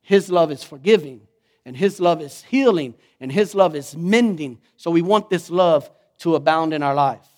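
Animated high-voiced male preacher. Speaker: pastor. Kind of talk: sermon.

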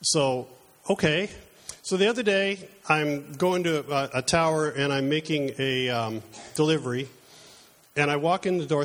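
A man's voice: on the high side, a little slow, a bit bright. A middle-aged man preaching a conversational sermon, telling personal stories in a chatty, self-deprecating way.

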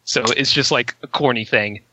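A man's voice: mid-range voice, moderate pace, bright, forceful tone, slight background noise. A man co-hosting a casual podcast chat, stammering a little and giggling.

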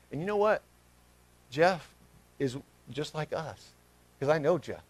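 A middle-aged male pastor preaching a sermon, swinging from loud emphatic calls to soft, tender words. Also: on the high side, animated, measured pace, pauses often, poor audio.

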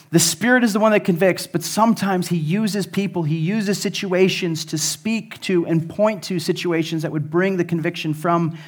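Man, pastor delivering a church sermon; earnest, emphatic, somewhat high-pitched, relaxed fillers. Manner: earnest preaching with rising emphasis and frequent fillers. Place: church service, also streamed online.

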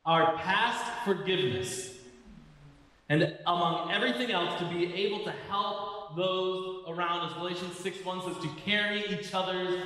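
A man preaching a sermon as pastor, earnest, slowing down to stress key phrases. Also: high-pitched, pushed and bright. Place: church sanctuary. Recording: echoey hall, mic at a distance.

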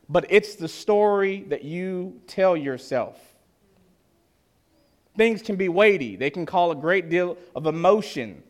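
A male preacher with a somewhat high voice delivers his sermon earnestly, stretching out key lines for weight. He speaks directly to the congregation in a measured pulpit style. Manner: earnest, slows down to stress lines.

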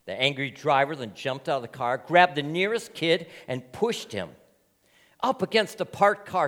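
A man preaching as pastor, earnest and deliberate, telling a story in his sermon. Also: a little high, expressive, fairly bright tone, big-room sound. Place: church.

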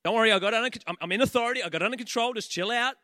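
A man preaching a sermon in church, animated and conversational, acting out the voices of the people he talks about. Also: very high-pitched, very fast, no room sound, studio quality.

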